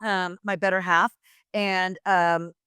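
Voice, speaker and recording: Slow and level, her lowish voice has a sharp yet clear, resonant tone, recorded in a clean studio with no echo. She's a middle-aged retired wrestler on a podcast, casually rambling through stories and voicing the people she quotes.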